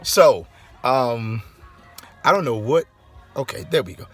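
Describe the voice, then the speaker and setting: A middle-aged man, a pastor and author, chatting casually to his viewers on a phone inside a car, repeating his points and getting animated when riled. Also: mid-range voice, takes it slowly, soft background music. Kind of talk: casual vlog talk to viewers.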